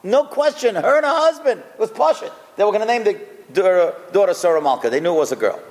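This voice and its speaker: A rabbi delivers a storytelling sermon with a high, lively voice that leaps around as he talks. He is recorded in a large hall with a long, ringing reverb trailing each phrase. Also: quick pace. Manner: animated, expressive storyteller.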